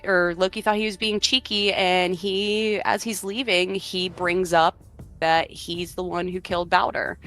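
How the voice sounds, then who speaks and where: A woman's voice: medium pitch, bright, forceful tone. A woman co-hosting a podcast, casually retelling old myths in a chatty way, full of fillers. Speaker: podcast co-host. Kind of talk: casual storytelling chat.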